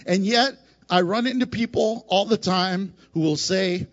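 High-pitched male pastor, animated sermon with acted-out scenes, dull lo-fi church recording. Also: moderate pace, few pauses. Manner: emphatic and repetitive, asks the congregation questions, laughs at his own jokes.

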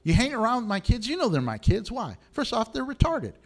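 High-voiced animated man preaching. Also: a little fast. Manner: animated, laughs often, swings from low to high. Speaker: pastor. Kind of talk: sermon.

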